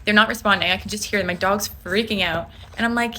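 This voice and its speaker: A woman telling an anecdote to camera with an exasperated, animated delivery. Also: mid-range voice, fast, hardly any pauses, a little hiss or hum. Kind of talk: storytelling to camera.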